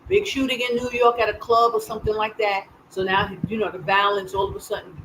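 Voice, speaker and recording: Live-stream host, urgent and repetitive, medium pitch, faint background noise. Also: level tone, a little fast. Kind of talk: live news commentary.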